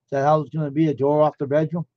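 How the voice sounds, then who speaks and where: A man's voice: a little high, flat delivery, very fast, no echo. A man chatting casually on a live stream, rambling and amazed, firing off one question after another. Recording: dull lo-fi dry sound.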